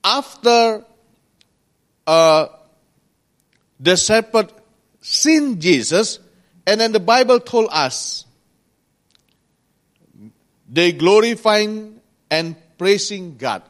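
A man delivers a sermon in a slow, deliberate cadence, leaving pauses between short phrases. His voice sits a little high for a man. He speaks earnestly in non-native English, stressing certain words. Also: lively intonation, fairly bright tone. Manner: slow, earnest preaching with pauses and rising emphasis. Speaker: preacher.

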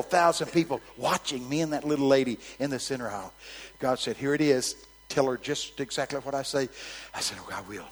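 A man preaching a storytelling sermon, swinging from hushed asides to loud, shouted quotes. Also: medium pitch, fairly quick, in a large hall, low-quality recording.

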